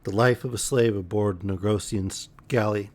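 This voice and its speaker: Low-voiced man reading an adventure story. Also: steady tone, a little mellow. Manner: measured storytelling, occasional slips and restarts. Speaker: storyteller streaming bedtime reading. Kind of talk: reading a pulp fantasy novel aloud.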